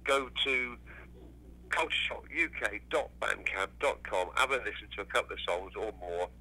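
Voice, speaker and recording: Sharp-voiced Englishman, sweary and rambling. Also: lowish voice, normal speed, poor audio. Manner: swears freely, rambling with restarts. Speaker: musician guest. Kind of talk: casual interview chat.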